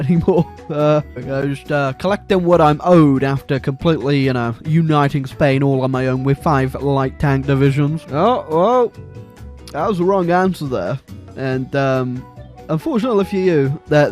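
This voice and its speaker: A young man talks his way through a strategy game in a loose, joking commentary, full of ums and quick asides. His voice sits a little high for a man. Soft background music plays faintly underneath. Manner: chatty, joking, excitable with frequent laughs and fillers. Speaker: gaming video host. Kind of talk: casual gameplay commentary.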